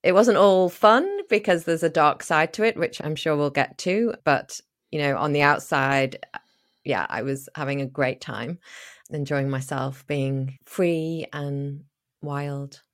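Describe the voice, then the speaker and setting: Woman guest, 40s, low pitch, candid and lively. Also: measured pace. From England. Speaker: guest, midlife mentor and author.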